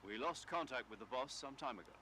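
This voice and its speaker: An actor playing a military officer giving orders over the radio in a video game, brisk and authoritative. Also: male voice, medium pitch, lively intonation, a crowd in the background, lightly acted.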